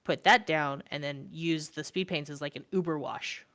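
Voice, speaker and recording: A woman's voice: low-pitched, fairly even intonation, moderate pace, fairly bright tone. A young woman co-hosting a stream, chatting casually with lots of fillers. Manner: rambling, filler-heavy, laughs often. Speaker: stream co-host. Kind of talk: casual chat about miniature painting.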